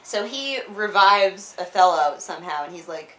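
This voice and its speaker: Tipsy young woman, rambly and sweary, kinda low voice, echoey room, mic far off. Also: expressive, moderate pace, few pauses, fairly bright tone, a little hiss or hum. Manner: rambling, profane, full of "like" and "uh", giggly. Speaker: storyteller. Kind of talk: tipsy casual retelling of a classic play. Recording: roomy sound from a distant mic.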